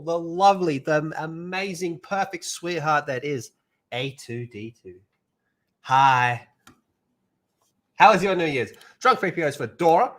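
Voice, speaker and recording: Crude, rowdy man hosting a live stream. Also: mid-range voice. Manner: crude, rowdy joking with loud bursts. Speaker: livestream host. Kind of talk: live stream chat, reading out the chat.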